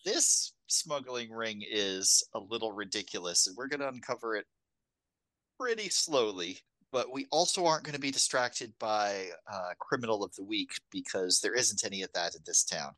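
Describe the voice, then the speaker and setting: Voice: medium pitch, expressive, normal speed, sharp tone, no room sound. A co-host on a casual film podcast who recaps plots with wry jokes and frequent laughter.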